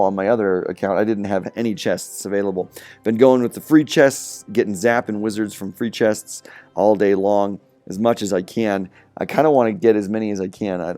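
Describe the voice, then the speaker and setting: A young man talking through replays of his mobile game matches, a casual commentator who gets excited over close plays and trails off quietly. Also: fairly low pitch. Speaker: gaming video host.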